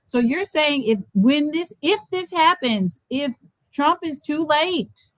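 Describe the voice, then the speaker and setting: Woman interviewer, slightly high voice, dry close sound, persistent and quick to cut in. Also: expressive, no room sound, low-quality recording. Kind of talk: reading listener questions.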